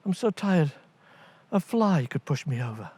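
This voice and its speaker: A man's voice: fairly high pitch, big pitch swings, a little slow, warm tone, breathy edge, no room sound, voice pushed up, full character voice. A man voicing two huge, dim male giants bickering in a storybook tale. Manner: blustering, bickering.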